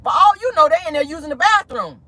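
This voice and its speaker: A woman hosting a casual celebrity gossip show from inside a car, sassy and animated, calling her listeners honey and girl. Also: sits high, fast talker, no room sound. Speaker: host of a gossip talk show.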